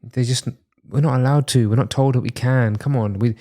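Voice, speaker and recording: A man's voice: mid-range voice, fairly even intonation, a little fast, mellow. A man from London, a masculinity coach talking as a podcast guest in an earnest, reassuring, reflective way. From London, England. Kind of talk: casual podcast conversation.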